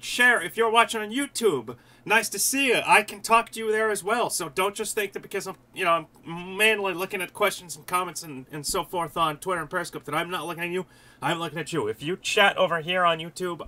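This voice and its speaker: Young man, livestream host, casual sports talk, chatty, upbeat, bright tone, slightly high voice. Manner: chatty, upbeat, restarts mid-sentence. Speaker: host and site editor.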